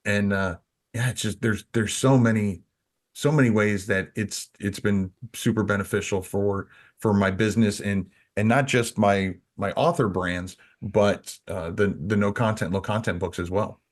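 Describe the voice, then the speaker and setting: Brief: male podcast co-host, lowish voice, loose rambling delivery. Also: fairly even intonation, moderate pace. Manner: rambling, many restarts and "you know". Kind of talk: casual podcast chat.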